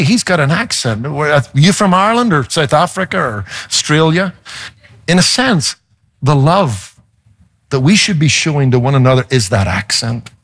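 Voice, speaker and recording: A man's voice: on the high side, a bit bright, no room sound, clean studio sound. A man, a pastor, preaching a sermon with emphasis, shifting pace and playful asides.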